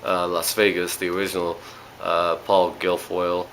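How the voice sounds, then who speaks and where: Low-voiced man rambling through a movie review. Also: monotone, moderate pace, fairly bright tone, a little hiss or hum, low-quality recording. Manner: rambling, with frequent ums and uhs. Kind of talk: casual spoken movie review.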